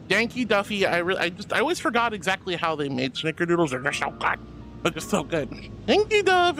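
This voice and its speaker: Woman, streamer, casual chat, effusive and affectionate, very animated pitch, faint background music.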